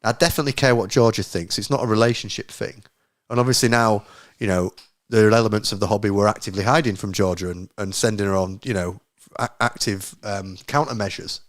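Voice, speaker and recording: A man's voice: fairly low pitch, steady tone, fast, dry recording, studio quality. A man in his late thirties, a podcast co-host telling rambling anecdotes in casual chat, swearing freely and poking fun at himself. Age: late 30s.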